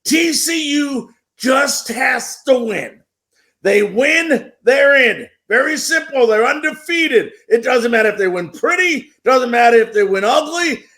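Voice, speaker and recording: A man's voice: extremely high pitch, lively intonation, a little slow, pushed and bright. A middle-aged man hosting a sports talk radio show, delivering an emphatic, repetitive monologue that builds hype.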